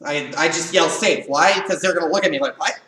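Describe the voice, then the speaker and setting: Bright-voiced karate instructor in echoey studio. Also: male voice, fairly high pitch, quick pace. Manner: animated, acts out students' cries. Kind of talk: live online class teaching. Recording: echoey room, voice far from mic.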